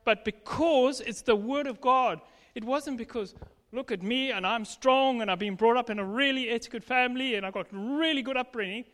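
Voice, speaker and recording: A man's voice: very high voice, normal speed, fairly bright tone, in a large hall. A man preaching a sermon, giving an emphatic personal testimony and acting out bits of dialogue.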